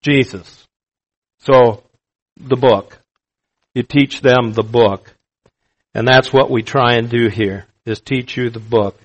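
A male pastor preaching a sermon, emphatic and slow, repeating his key phrases for weight. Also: mid-range voice, fairly even intonation, low-quality recording.

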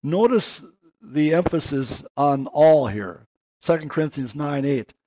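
An older man giving an earnest sermon, slowing down and rising in pitch to stress key words. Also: expressive, dark tone. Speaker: preacher.

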